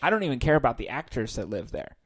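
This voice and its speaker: Man, podcast co-host, casual chat, easygoing, thinking aloud, mid pitch. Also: sing-song, fast, slightly rough.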